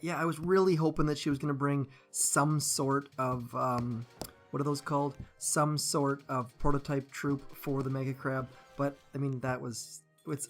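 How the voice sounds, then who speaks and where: A man's voice: medium pitch, vocal fry. A man giving casual live-stream commentary on a game, chatty and rambling, greeting viewers by name and thinking aloud with lots of fillers.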